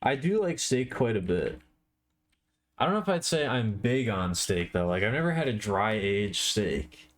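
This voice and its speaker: A tired man chatting casually on a live art stream, with a slow, drowsy, stoner-like drawl. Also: on the low side, sing-song.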